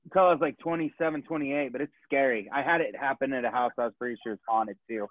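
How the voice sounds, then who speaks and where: A man in a casual chat chimes in with short remarks, his voice mid-pitched. The audio is dry and thin, close to a phone line. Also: quick pace, no room sound. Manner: brief interjections and backchannel. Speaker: host.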